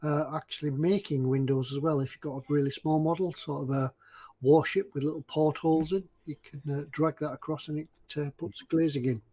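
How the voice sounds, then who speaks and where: A man with a husky, slightly raised voice chats on a live stream. He talks hesitantly and fills gaps with ums and uhs. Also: fairly high pitch, steady tone, fairly quick, warm tone. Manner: hesitant, many fillers. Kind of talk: casual group chat on a live stream.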